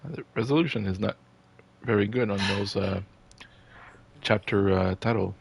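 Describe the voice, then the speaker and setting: A man's voice: fairly low pitch, moderate pace, vocal fry, a little hiss or hum. A man streaming live, making wry asides while playing a horror game. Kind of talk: casual live-stream commentary.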